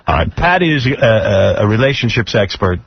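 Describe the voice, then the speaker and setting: Blunt teasing radio host with a lively voice. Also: male voice, on the low side, normal speed, gravelly, husky, no room sound. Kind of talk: radio talk show. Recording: dull lo-fi radio broadcast.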